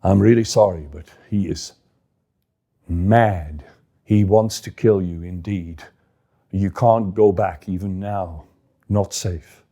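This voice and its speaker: A loyal young man delivering hard news, his voice dropped low and weighed with regret, as a storyteller puts him on. The delivery is plain and earnest, like a storybook character. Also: slow pace, long pauses, mellow, exaggerated voice. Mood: regretful.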